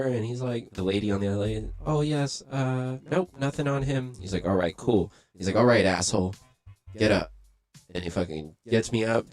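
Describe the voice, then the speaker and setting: A young man with a lowish voice tells a story in loose, swearing street talk. He jumps into the voices of the people he quotes and keeps the telling lively. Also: no echo. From Los Angeles. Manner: profane, animated, acts out quoted voices. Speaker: livestream host. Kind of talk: casual storytelling.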